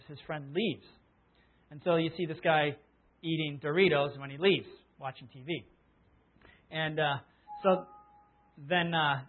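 A man preaching an Easter sermon as pastor, talking casually and retelling a story with little acted-out bits. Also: a little high. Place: church. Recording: phone-like lo-fi sound.

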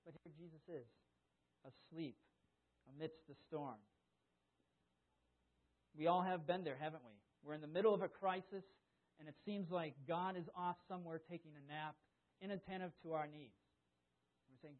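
A man preaching a conversational sermon at a church service, asking the congregation questions and acting out quotes loudly. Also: fairly high pitch, fairly even intonation, normal speed, long pauses. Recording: tinny, phone-like sound.

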